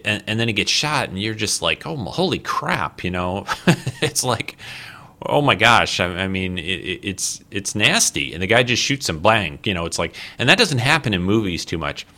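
A man's voice: low-pitched, very animated, moderate pace, sharp tone. A man casually talking through a movie scene in a rambling way, full of fillers and restarts. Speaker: movie commentary host. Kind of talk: casual film commentary.

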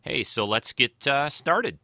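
A man hosting his own podcast in casual, rambling talk full of filler pauses, his voice a little nasal. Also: medium pitch, very animated, bright, forceful tone, slight background noise. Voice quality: slightly nasal today. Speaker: podcast host.

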